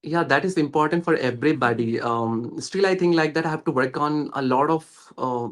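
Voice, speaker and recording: In a casual chat, a young man from West Bengal with an Indian English accent appears as a guest and earnestly describes how he learned, hesitating often and using lots of fillers. He talks at normal speed in a fairly high voice.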